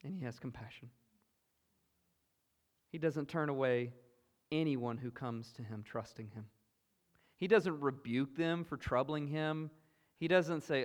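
A man with a Southern US accent preaching a sermon, earnest and emphatic, moving between loud exclamations and hushed asides. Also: fairly high pitch, a little slow, long pauses. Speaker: pastor. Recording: long hall reverb.

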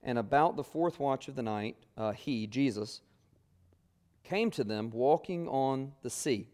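A man's voice: mid-range voice, animated, measured pace, darkish tone. A man teaching a Bible class, reading scripture aloud and explaining it in a conversational way with many fillers.

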